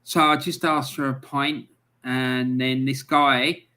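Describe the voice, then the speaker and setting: Slow-talking Cockney man in his fifties. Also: mid-range voice, flat delivery, bright, forceful tone. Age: 50s. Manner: rambling anecdotes with many fillers. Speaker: livestream host. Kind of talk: live match-day chat.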